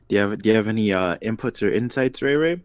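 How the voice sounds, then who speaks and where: Slow-talking game master with lively pitch. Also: male voice, vocal fry, dry recording. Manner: encouraging, laughs a lot, drawn-out speech. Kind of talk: running a tabletop game.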